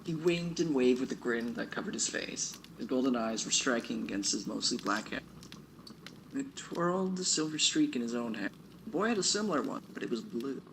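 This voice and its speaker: A man reads his own novel aloud on a stream, his voice slightly gravelly and grainy. He chuckles at his own lines and stops to comment on them. A constant hiss of background noise runs behind him. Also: mid-range voice.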